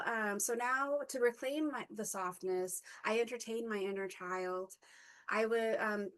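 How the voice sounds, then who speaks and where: A woman in her fifties telling a personal reflective story as a workshop speaker, halting, with frequent fillers, self-corrections and an occasional stutter. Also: mid-range voice, a bit bright, poor audio.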